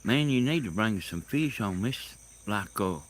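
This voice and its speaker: A man telling rambling stories in a casual monologue, halting and laughing loudly at his own tales, recorded outdoors in the countryside. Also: fairly low pitch, animated. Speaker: host. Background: crickets and insects.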